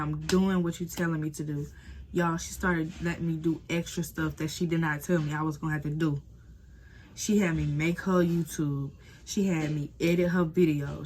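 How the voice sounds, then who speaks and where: A young woman telling a storytime to viewers in a casual, animated way, calling them y'all and acting out what others said. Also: on the low side, slight background noise. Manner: animated, addresses viewers as y'all, acts out quotes.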